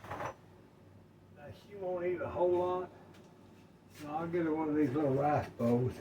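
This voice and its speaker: A man's voice: on the high side, measured pace, distant mic, background noise. An older man, chatting in a folksy, rambling way while cooking in his home kitchen. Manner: folksy, rambling, talks to viewers as y'all. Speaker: cooking vlogger. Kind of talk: casual home cooking chat.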